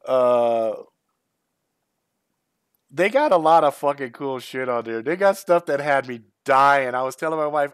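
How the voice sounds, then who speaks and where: A man's voice: mid-range voice, unhurried, clear, resonant tone, dry recording, clean studio sound. A middle-aged man hosting his own channel, chatting casually on a live stream, rambling and swearing, often breaking into laughter. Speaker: channel host.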